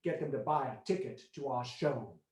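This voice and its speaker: A man's voice: medium pitch, normal speed, a little mellow, roomy sound, natural voice. A man voicing a brash male producer who hands out jobs with lots of hesitant fillers. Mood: bossy. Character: brash male producer, a scheming urban cowboy.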